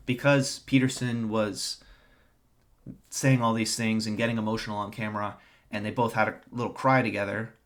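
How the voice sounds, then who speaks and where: A young man delivers an opinion monologue to his audience at a middle pitch. His manner is ranting and contemptuous, with a steady sarcastic bite. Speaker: online commentator.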